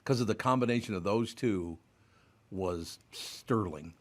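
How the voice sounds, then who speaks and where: Older Minnesotan male host, low voice, gruff casual banter. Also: a little slow. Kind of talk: casual chat.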